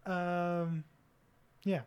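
A man's voice: high voice, very slow, a little hiss or hum. Casual young man hosting a film chat. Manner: relaxed, many fillers, laughs easily. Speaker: discussion host.

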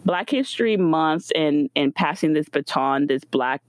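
Woman podcast cohost thinking out loud, lots of um and you know, dry close mic. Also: deep voice, expressive, measured pace, dry recording. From United States. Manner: reflective, thinks aloud with fillers. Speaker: podcast co-host. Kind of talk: casual podcast chat.

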